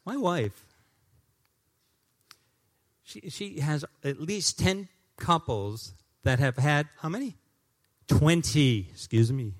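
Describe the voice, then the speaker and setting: Animated, joking male pastor preaching. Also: fairly high pitch, slow, long pauses. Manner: joking, animated, swings from loud to hushed. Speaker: guest pastor. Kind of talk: sermon. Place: church sanctuary.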